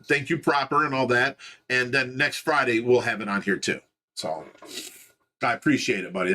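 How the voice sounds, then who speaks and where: His pitch is medium and his tone sharp as he co-hosts a fish rescue stream indoors at home. The man has a Midwestern American accent, and his easygoing livestream talk rambles along, full of restarts and self-directed laughter.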